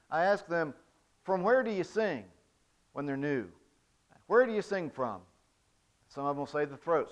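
A man giving a demonstrative spoken voice lesson to a church congregation, moving from soft to loud to show his points. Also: fairly high pitch, clean tone. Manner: demonstrative, explains with physical examples, swings from soft to loud. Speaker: church music director teaching singing. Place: church sanctuary. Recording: dull lo-fi recording.

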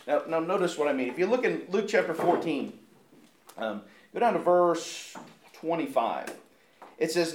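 Casting: male pastor, fairly high voice, earnest sermon delivery with restarts, roomy echo. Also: sing-song, moderate pace, darkish tone. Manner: earnest, with frequent repeated words and restarts.

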